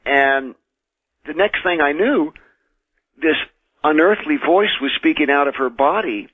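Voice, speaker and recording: The radio interview guest, an American minister and exorcist, speaks by telephone on a tinny line, sharing his experiences in measured, earnest stories full of restarted phrases. His voice is fairly high and slightly husky, with lively intonation, in a dry recording.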